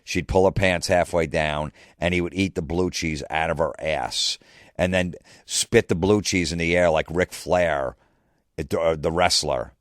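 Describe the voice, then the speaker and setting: A comedian and podcast host telling a rambling comic story in a casual, profane way. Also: male voice, low-pitched, fairly even intonation, unhurried, no room sound, clean studio sound.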